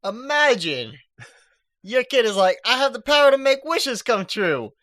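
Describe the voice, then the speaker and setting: A podcast co-host bantering casually, excitable and joking, given to loud exclamations. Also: medium pitch, measured pace, dry recording.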